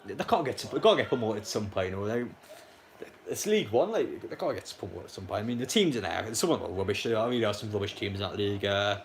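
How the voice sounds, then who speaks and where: Young Geordie man, fast, blunt, rambling stream chat; faint room hum underneath. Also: fairly low pitch, animated. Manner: rambling, blunt, frequent fillers and restarts. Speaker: live stream match commentator. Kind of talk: casual live stream chat and commentary.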